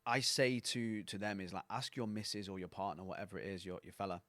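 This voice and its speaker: A man's voice: on the low side, fast, fairly bright tone, no room sound. A man, a coaching mentor, giving blunt, sweary, sarcastic advice as a guest on a casual podcast.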